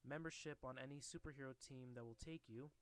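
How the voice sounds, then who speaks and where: A man's voice: mid-range voice, a little fast, close to an everyday voice. A man reading a weary wisecracking young superhero. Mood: wry. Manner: flat read-out dialogue, barely acted.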